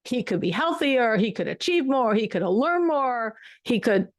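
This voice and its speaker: A woman's voice: fairly high pitch, sing-song, measured pace, no room sound, studio quality. A woman teaching a Torah class, telling a story with emphatic repetition. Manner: emphatic, repeats words for weight.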